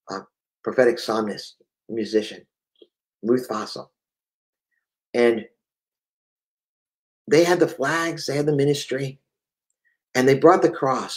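A man's voice: mid-range voice, darkish tone, low-quality recording. A man with a New England accent preaching a fervent sermon, often stammering and repeating words.

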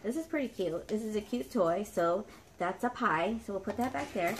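A young woman casually chatting as she unboxes a dog subscription box, excitable and gushing, stopping to talk to her dogs. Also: mid-range voice, moderate pace, noisy background. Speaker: dog channel vlogger.

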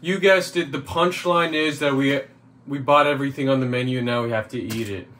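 A man's voice: mid-range voice, brisk, fairly bright tone, slight background noise. Laid-back young man, joking. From Toronto, Canada. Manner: laid-back, joking, rambling with many fillers. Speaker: co-host. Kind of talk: casual mukbang chat. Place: indoors, sitting on the floor.

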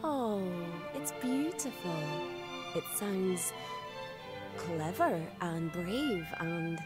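An actress playing an affectionate young mother of a newborn in a video game, speaking softly and without hurry. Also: fairly low pitch, animated, very slow. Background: game music.

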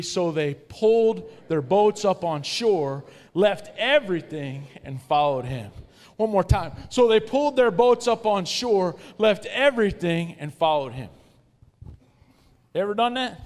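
A man preaching in a church sanctuary, his fairly high voice carried on a long hall reverb. He tells stories with animated energy and acts out quotes as he goes. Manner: animated storytelling, acting out quotes. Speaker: guest preacher. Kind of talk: sermon.

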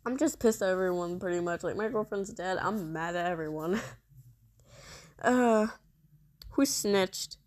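A woman's voice: unhurried, pauses often, a little mellow. A young woman playing a murder mystery game, reacting dramatically with swearing, gasps and talking to herself. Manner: dramatic, swears and talks to herself, sudden high shrieks and gasps. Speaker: player.

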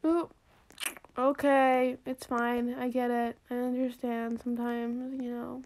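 A young woman talks through her gameplay in a casual, chatty way, bubbly and quick to beg or joke at herself. Her voice sits high. She speaks at an unhurried pace. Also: flat delivery, darkish tone, slight background noise. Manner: bubbly, chatty, pleading, self-mocking. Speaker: gaming vlogger.

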